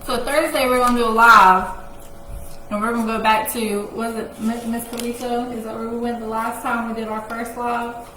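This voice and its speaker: A woman co-hosting a casual live chat show, loud and teasing, laughing often. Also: fairly high pitch, level tone, normal speed. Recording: echoey room with noise.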